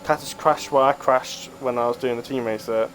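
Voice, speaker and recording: A man co-commentates a live sim race, calm and dry, with a matter-of-fact delivery. Faint music runs behind him. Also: mid-range voice, moderate pace, low-quality recording.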